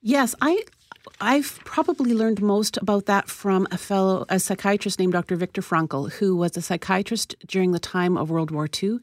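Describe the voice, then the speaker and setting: Calm woman therapist, low voice. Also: no room sound, clean studio sound. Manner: calm explanatory, measured advice-giving. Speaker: therapist guest. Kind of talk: radio talk show interview.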